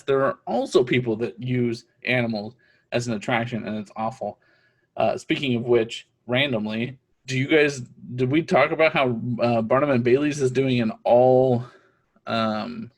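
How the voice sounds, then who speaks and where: A man co-hosting a podcast, chatting casually with quick joking asides. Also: mid-range voice. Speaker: podcast co-host. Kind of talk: casual chat about a comic.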